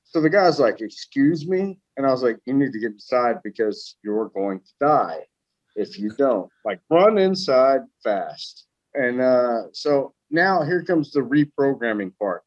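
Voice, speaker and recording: Podcast guest, male, lively swearing storyteller, dry lo-fi mic. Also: medium pitch, normal speed, no room sound. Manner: profane, animated anecdote telling.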